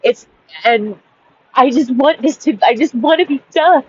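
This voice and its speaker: A woman in her forties venting on a dark sidewalk at night, angry, swearing constantly and repeating herself. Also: sits high, measured pace, slightly rough, no echo, highs cut off. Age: 40s. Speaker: vlogger. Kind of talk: rambling outdoor vent. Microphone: wireless headphones.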